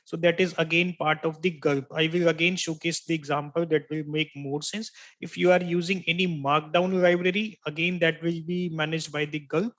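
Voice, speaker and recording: Male tech trainer with a high voice, explains patiently, repeats key terms, keeps asking "right?". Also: fairly even intonation, normal speed, a bit bright, muffled recording. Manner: explanatory, checks in with "right?" after each point. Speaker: software instructor. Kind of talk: online tech training lecture.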